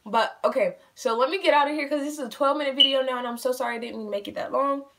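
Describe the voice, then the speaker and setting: A woman's voice: high-pitched, very fast, noisy background. Chatty eighteen-year-old woman vlogging. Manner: bubbly, talkative, playful self-teasing, addresses viewers as y'all. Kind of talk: casual chatty Q&A vlog. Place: at home.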